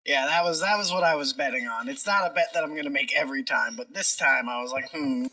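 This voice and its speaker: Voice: mid-range voice, quick pace, pushed and bright, recorded from a distance, poor audio. A tabletop game player who thinks aloud and explains tactics at length. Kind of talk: tabletop role-play chat.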